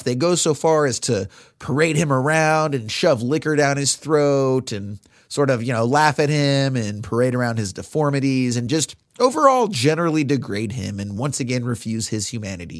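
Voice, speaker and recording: A man's voice: mid-range voice, animated, normal speed, few pauses, no echo, studio quality. A male podcast co-host casually recapping a film scene by scene, with many fillers.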